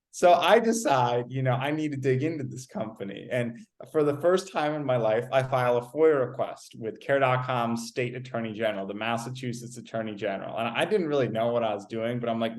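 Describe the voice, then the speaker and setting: A young man in his twenties, a podcast guest telling a story in a casual, animated way, often stumbling over repeated words. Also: medium pitch, a little fast. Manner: animated, repeats words, many "like"s, acts out quoted exchanges. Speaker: interview guest.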